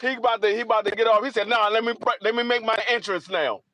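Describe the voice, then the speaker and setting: A man with a voice high for a man tells a story in casual podcast banter. He gets excited and keeps repeating his words as he builds it up. A faint hiss sits under the recording. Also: fast.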